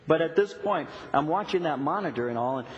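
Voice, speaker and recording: A middle-aged male pastor delivers a sermon in a church sanctuary, his voice sitting a little high for a man. He tells stories with animated retelling, often stumbling over repeated "and"s. A long reverb trails behind him in the hall. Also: a little fast, muffled recording. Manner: storytelling, animated, with many repeated "and"s.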